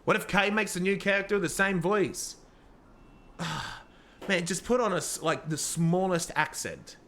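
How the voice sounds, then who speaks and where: A man streaming a police role-play game, talking excitedly and rambling with swearing and frequent restarts. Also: high-pitched, normal speed. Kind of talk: live-streamed gameplay commentary.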